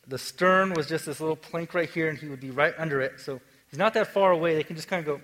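A male pastor delivering a sermon in a relaxed, everyday manner. His voice sits a little high. He swings from animated bursts to soft, near-whispered passages. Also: fast, few pauses, poor audio. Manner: conversational, swings from energetic to hushed.

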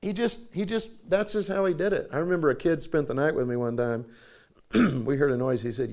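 A man's voice: on the high side, a little fast. Folksy man preaching a sermon. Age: 40s. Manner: folksy, animated storytelling with repetitions.

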